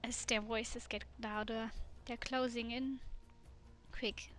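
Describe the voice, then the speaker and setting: A woman streamer reading a dating game aloud in a soft, immersive way. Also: a little high, little pitch movement, takes it slowly, music in the background.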